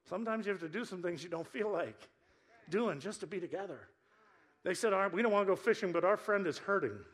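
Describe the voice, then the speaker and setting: A man preaching a sermon in a church, an animated storyteller who jokes with the congregation. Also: high voice, a little fast. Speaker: pastor. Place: church sanctuary.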